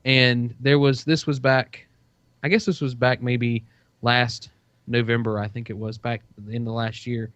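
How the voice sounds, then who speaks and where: A man's voice: medium pitch, flat delivery, a little slow, fairly bright tone, no echo. A man in casual podcast chat, telling a long story with plenty of "you know" and "uh". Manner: rambling storytelling, many fillers. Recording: dull dry lo-fi sound.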